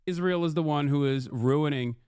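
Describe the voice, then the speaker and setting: A man's voice: fairly high pitch, normal speed, a little mellow, clear, resonant tone, no echo. A man talking casually on a livestream, dismissive and exasperated as he argues his point. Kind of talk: casual political streaming talk.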